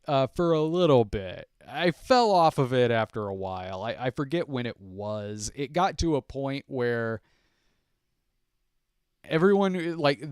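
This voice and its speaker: Man, middle-aged podcast host, smooth clear voice, dry close sound, rambling casual chat with lots of restarts. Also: mid-range voice, dry recording. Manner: rambling, frequent restarts and fillers, chuckling. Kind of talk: casual live stream chat answering viewer questions.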